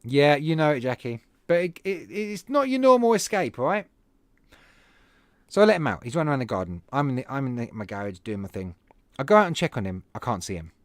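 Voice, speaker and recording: Lively man telling a rambling story. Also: mid-range voice, a little fast, dry recording, clean studio sound. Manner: animated, rambling anecdote with self-deprecating asides. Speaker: podcast host. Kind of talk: casual storytelling to a live chat. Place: at home.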